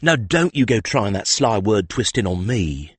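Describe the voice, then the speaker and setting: A man's voice: fairly low pitch, sing-song, unhurried, breathy edge, dry recording, pitched above the performer's own voice, exaggerated voice. A man voicing a bold, cheeky young male street thief who talks in street slang with double negatives.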